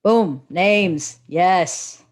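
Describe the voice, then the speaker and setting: A woman coaching public speaking in a live webinar, her voice sitting slightly low but swinging widely in tone as she talks. Her delivery is animated and expressive, and she speaks into a laptop on a video call. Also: extremely slow.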